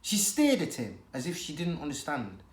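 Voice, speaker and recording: A teacher reading a children's novel aloud, with an expressive, dramatic storytelling manner. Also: mid-range voice, normal speed. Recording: echoey room.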